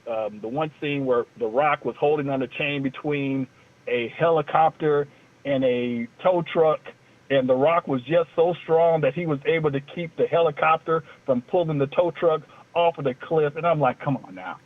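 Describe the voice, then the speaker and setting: On a tinny phone line, a man co-hosts a casual talk-radio show, rambling loosely and cracking jokes. His voice is a little high and his speed is normal.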